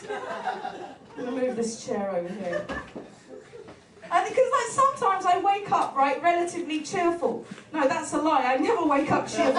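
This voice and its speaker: Woman comedian, high lively voice, self-mocking and sweary, roomy venue mic from afar. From Turkey. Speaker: stand-up comedian. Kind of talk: stand-up comedy set. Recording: roomy venue sound from a distance.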